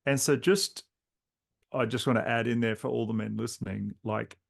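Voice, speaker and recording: A man's voice: mid-range voice, steady tone, moderate pace, vocal fry. A man hosting a podcast, speaking reflectively and addressing his listeners directly. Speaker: podcast host. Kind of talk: conversational podcast interview.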